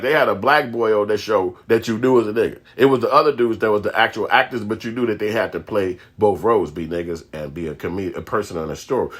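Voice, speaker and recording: A man telling profane comedic stories as host of a commentary show, rambling and animated, swinging from loud to mumbling. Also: fairly low pitch.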